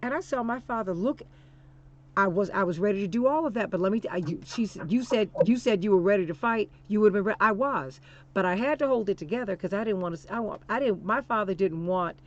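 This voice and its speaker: A woman's voice: mid-range voice, lively intonation, fast, lo-fi sound. A woman hosting a political talk show, speaking with emphatic, preacher-like repetition and calling listeners "honey". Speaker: radio talk show host.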